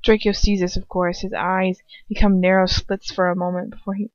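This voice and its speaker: A woman's voice: medium pitch, little pitch movement, moderate pace, no room sound. A woman reading a fan story aloud in a casual way, stopping to comment and laugh, in a dull, dry home recording. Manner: giggly, breaks off to comment and laugh. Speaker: fan fiction reader.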